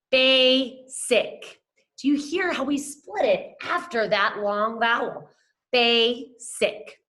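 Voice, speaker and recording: Bright, lively woman teaching young children. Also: a little high. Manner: upbeat, encouraging, talks to children as friends. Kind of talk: scripted classroom lesson to camera.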